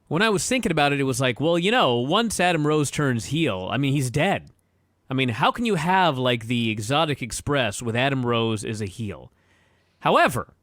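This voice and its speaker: A man's voice: medium pitch, fairly bright tone, dry recording, clean studio sound. A man co-hosting a wrestling podcast, blunt and opinionated, ranting with casual profanity. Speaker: podcast co-host.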